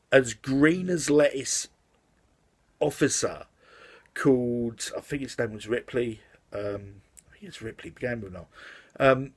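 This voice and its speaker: A man casually reviewing a film in his vlog, rambling with lots of fillers and restarts. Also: medium pitch. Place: outside the house.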